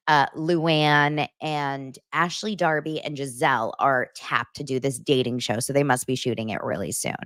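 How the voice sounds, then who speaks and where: A woman's voice: low voice, no echo, studio quality. A woman hosting a podcast, chatting casually and gossiping about pop culture, often laughing as she talks. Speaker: podcast host.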